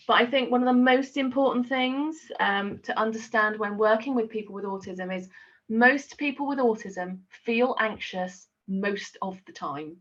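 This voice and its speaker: A woman's voice: mid-range voice, a bit bright. Chatty woman teacher, dull lo-fi sound. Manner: chatty and explanatory, many fillers. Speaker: teacher and autism trainer. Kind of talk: training talk.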